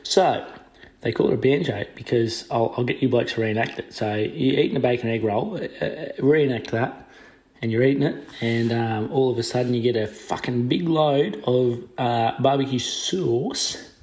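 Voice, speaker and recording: A man's voice: medium pitch, moderate pace, a little mellow. Rambling Australian man leaving a sweary message. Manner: rambling, sweary, chatty storyteller. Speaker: caller.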